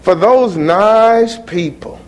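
A man preaching a sermon in an animated, mocking way, swinging from muttered asides to shouts. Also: high-pitched, slow pace.

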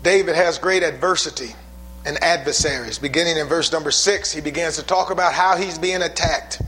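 A male pastor preaching a sermon, building from calm talk to shouted intensity. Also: high-pitched, brisk. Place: church sanctuary.

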